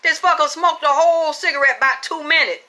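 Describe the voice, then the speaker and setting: A middle-aged woman giving a spiritual reading, telling a story in blunt, salty, animated language. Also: high-pitched, a little fast. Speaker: spiritual reader. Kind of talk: profane storytelling chat.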